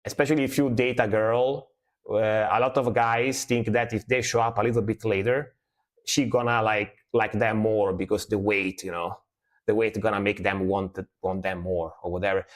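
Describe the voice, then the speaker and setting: A man's voice: fairly low pitch, steady tone, normal speed. Italian guy with an italian accent chatting on his stream, lots of uh and like, explains stuff at length. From Italy. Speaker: music reaction streamer. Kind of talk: casual livestream chat.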